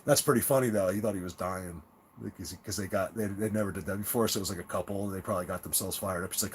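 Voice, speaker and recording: A man's voice: sits low, fast, slight background noise. A man hosting a live stream, chatting casually with viewers in a rambling, stop-start way, repeating words and laughing at his own stories. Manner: rambling, with many restarts and stammered repeats.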